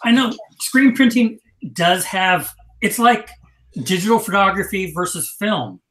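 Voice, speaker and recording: A man co-hosting a casual online chat, telling stories in a lively, joking way. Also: sits high, measured pace, echoey room, poor audio. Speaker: podcast co-host.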